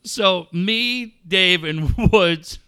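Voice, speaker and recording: Guy with a high bright voice, swinging all over the place, slow and loud, mocking and swearing on a radio show. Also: smooth. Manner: loud, mocking, animated storyteller who swears a lot. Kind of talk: casual profane banter.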